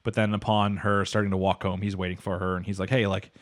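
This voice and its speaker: A man's voice: sits low, flat delivery, fast talker. A man co-hosting a casual anime podcast, retelling an episode in a rambling way, full of fillers and quoted lines. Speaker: podcast co-host. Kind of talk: casual anime recap chat.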